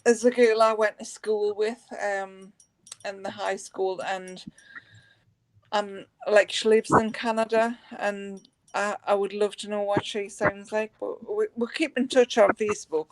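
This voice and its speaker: A woman's voice: medium pitch, little pitch movement, measured pace, low-quality recording. A woman chatting casually and frankly as a guest, swearing now and then. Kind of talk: casual chat.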